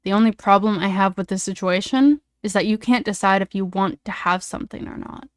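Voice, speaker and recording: A woman's voice: medium pitch, monotone, drawn-out words, creaky, a bit bright, smooth, no room sound, studio quality, full character voice. A woman voicing a young male hockey player who speaks in a cold, cutting way.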